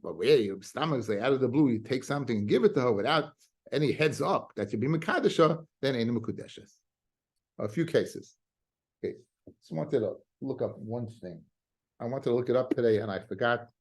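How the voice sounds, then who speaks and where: A rabbi teaching a daily Talmud class, reading Aramaic phrases and explaining them in casual English, often restarting his sentences. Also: mid-range voice. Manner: explains in a quick mix of Hebrew-Aramaic terms and English, with restarts.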